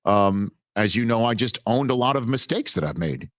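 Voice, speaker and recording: A male sports broadcaster as an interview guest, telling stories in a lively, casual way with frequent restarts. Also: fairly low pitch, moderate pace, no echo. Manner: animated storyteller with many restarts.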